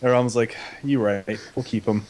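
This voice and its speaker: Brief: young male co-host, casual comedic recap, slangy offhand delivery, mid-pitched voice. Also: steady tone, brisk, a little mellow. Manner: goofy paraphrasing with slangy quoted voices.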